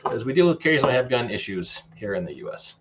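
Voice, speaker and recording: A man in his middle range hosts a podcast, moving quickly through listener questions. He talks fast and casually as he hands each question to the guest. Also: medium pitch, big pitch swings, heavy background noise. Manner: brisk, relays questions to the guest.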